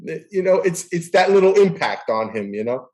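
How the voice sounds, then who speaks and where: Man telling lively umpire stories. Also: a little high, a little fast. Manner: animated storyteller acting out quoted dialogue. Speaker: guest, baseball umpire. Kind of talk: casual chat, storytelling.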